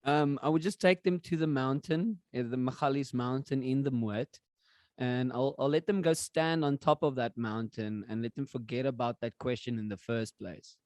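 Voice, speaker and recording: A man hosting his own podcast, relaxed and jokey, with a lot of ums as he talks. His voice sits in an everyday middle range and is recorded dry and close. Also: mid-range voice, moderate pace, no echo. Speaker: podcast host. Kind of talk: casual chat.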